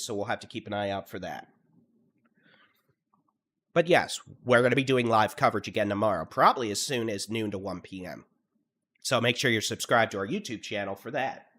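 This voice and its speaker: Texan man calling live storm warnings. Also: medium pitch. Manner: steady briefing cadence, lists place names, at times monotone. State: congested from allergies. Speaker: storm chaser and severe weather streamer. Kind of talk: live weather coverage commentary.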